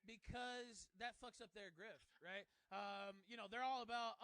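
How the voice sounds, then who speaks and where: Man streamer, high-pitched, sharp and bright, cursing and combative rant. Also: a little fast, hardly any pauses, no echo. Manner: aggressive, swearing, mocks others in shouted high voices. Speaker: streamer in a played clip. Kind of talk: profane angry rant.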